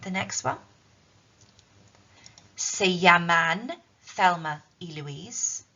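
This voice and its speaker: A woman's voice: fairly low pitch, drawn-out words, pushed and bright. A woman teaching a recorded language lesson, explaining patiently with frequent ums. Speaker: Spanish teacher. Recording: dull lo-fi recording.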